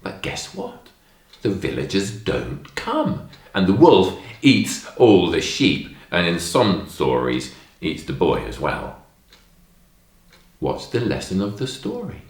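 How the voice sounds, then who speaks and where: A man telling stories to young children in a lesson, expressive and emphatic, acting out the lines in a story. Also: low-pitched, takes it slowly, reverberant.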